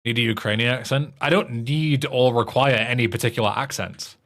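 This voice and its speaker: A man's voice: mid-range voice, brisk, fairly bright tone. An English man streaming a game, chatting casually in a rambling way with frequent swearing and restarts. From England. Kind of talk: casual chat while playing a game.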